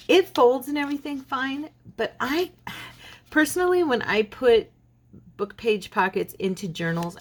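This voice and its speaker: A woman's voice: medium pitch, slight background noise. A woman hosting a casual craft tutorial, talking while she folds and shows paper, often checking in with "okay". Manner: chatty, many "okay"s, talks while folding and showing paper. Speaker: craft video host.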